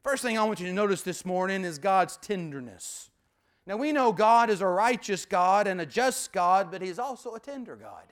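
High-voiced preacher. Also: male voice, lively intonation, normal speed. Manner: emphatic, repeats key phrases, drops to a hushed voice. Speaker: pastor. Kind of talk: sermon.

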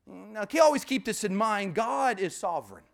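A man preaching a sermon as pastor, emphatic, repeating key phrases and sometimes dropping to a hushed voice. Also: high-pitched, animated, normal speed, creaky.

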